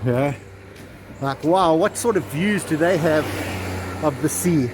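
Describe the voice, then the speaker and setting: A man's voice: a little high, takes it slowly. Chatty man vlogging on a busy street. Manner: chatty, rambling asides. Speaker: travel vlogger. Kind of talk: casual walking vlog and storytelling. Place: town street outdoors. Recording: outdoor street with passing cars. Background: traffic.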